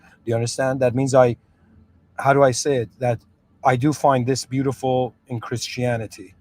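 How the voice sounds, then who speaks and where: A podcast host who moved to Canada at age seven speaks at a moderate pace in a medium-pitched, darkish voice with little pitch movement. His reflective monologue is earnest, with frequent restarts and checks that the listener understands.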